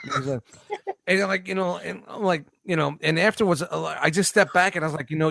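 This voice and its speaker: A man's voice: on the high side, dry recording. A man on a podcast, telling a story in casual chat, swearing often and acting out the lines of the people in it. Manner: profane, animated, acts out quotes. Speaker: podcast co-host.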